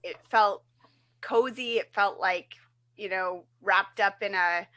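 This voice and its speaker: A woman's voice: mid-range voice, takes it slowly, pushed and bright. A woman co-hosting a podcast, chatting casually and rambling with lots of fillers. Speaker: podcast co-host. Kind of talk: casual chat.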